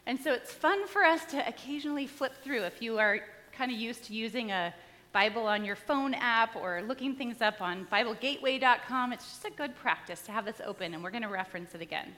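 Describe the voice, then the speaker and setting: Bright-voiced woman preaching in a hall. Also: fairly high pitch, lively intonation, a little fast. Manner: conversational storytelling with light humor. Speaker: pastor. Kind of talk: sermon. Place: church sanctuary. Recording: long reverb in a large hall.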